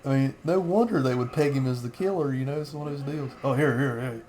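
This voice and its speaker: Man, 30s, casual film commentary, rambling, chuckling, mid pitch. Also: fast talker, darkish tone, slight background noise. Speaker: host of a fan movie commentary channel.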